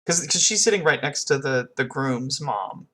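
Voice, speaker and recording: A podcast co-host in casual chat who retells scenes in an animated way and acts out the quotes. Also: medium pitch, normal speed.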